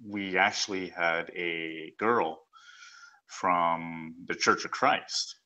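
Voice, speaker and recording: A man's voice: low-pitched, steady tone, extremely slow, bright, forceful tone. A middle-aged man from Southern Oregon chatting in a rambling, hesitant way on a group talk show. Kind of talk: casual discussion. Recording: dull lo-fi sound.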